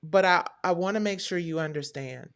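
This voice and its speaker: A woman's voice: lowish voice, moderate pace. A woman hosting a live stream, chatting casually and talking straight to her viewers.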